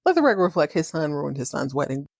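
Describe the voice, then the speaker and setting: A woman's voice: sits low, big pitch swings, fast talker, vocal fry, no room sound, clean studio sound. A woman hosting a podcast, recapping a TV drama in a sassy, playful, slangy way. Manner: sassy, playful, slangy, acts out characters in quotes. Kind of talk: casual recap with acted-out quotes.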